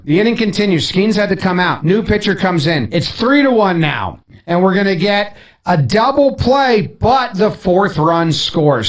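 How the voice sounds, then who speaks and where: A man's voice: high voice, reverberant, far from the mic. A man hosting a show, casually walking through a baseball clip with jokes and put-on voices. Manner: animated, joking, slips into voices. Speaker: podcast host.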